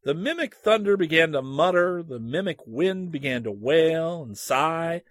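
A man narrating a humorous classic text with expressive, animated storytelling. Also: fairly high pitch, measured pace, dry recording, studio quality.

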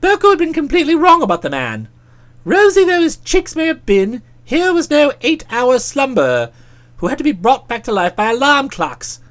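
A woman narrating a comic audiobook in a brisk, expressive storytelling manner. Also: sits high.

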